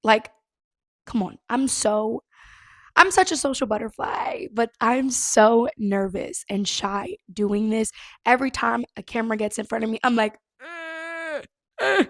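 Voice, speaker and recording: A woman's voice: fairly high pitch, unhurried, dry recording. Chatty young woman podcaster, dry sound. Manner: chatty, expressive, swears casually, laughs often. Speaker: podcast host. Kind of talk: casual solo podcast chat.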